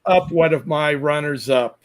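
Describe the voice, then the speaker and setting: A man with a high voice joins a casual panel chat. He gives animated, opinionated takes on songs. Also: measured pace, a loud crowd.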